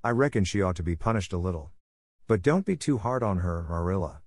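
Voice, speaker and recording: A gentle older farmer stammers out his uneasy objections, read by a man in a low voice. The recording is dry and close. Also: animated, a little fast, dry recording. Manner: hesitant and uneasy.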